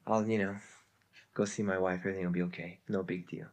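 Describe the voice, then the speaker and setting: A man's voice: sits low, flat delivery, quick pace, darkish tone, pitched below the performer's own voice, close to an everyday voice. A man voicing a dismissive materialist male professor who is also a grieving husband.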